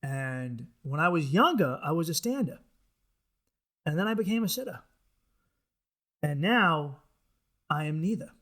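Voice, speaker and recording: A man with a high, bright voice riffs through a crude comedy monologue. He rambles and swears freely, full of restarts and asides. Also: lively intonation, a little slow, pauses often. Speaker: podcast host.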